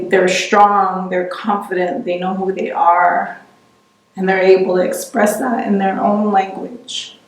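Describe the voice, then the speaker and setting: A middle-aged woman giving an oral history interview, reflective and halting, often restarting her sentences. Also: on the low side, creaky. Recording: roomy, distant mic.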